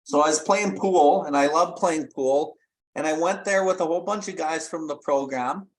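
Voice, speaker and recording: A man's voice: a little high, normal speed, low-quality recording. A man hosting a recovery podcast, blunt and casually profane, reading from a book and discussing it. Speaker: podcast host.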